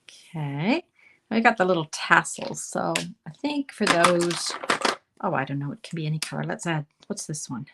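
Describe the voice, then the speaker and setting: While coloring in a relaxed live card-making demo, a Canadian woman chats and reasons aloud, frequently lowering to a soft murmur. Her voice is on the lower side with vocal fry, moving at an ordinary speed, and the recording is very noisy.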